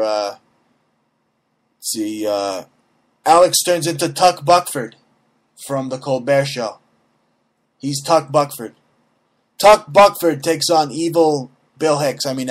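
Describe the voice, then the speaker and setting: A man hosting a talk show, ranting in a brash, mocking way, swearing freely and checking in with "okay?" over and over. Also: mid-range voice. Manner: repeats "okay?" and restarts often, mocks voices in quotes. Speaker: host. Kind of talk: profane comedic political rant.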